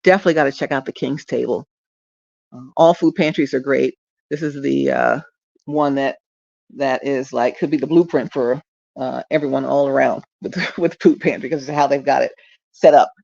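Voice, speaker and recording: Gravelly-voiced woman chatting upbeat from bed. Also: rumbling low, fairly even intonation, normal speed, a little mellow, no echo, muffled recording. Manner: upbeat, rambling, laughs often. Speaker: traffic reporter and streaming host. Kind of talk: casual direct-to-camera vlog. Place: at home, lying down.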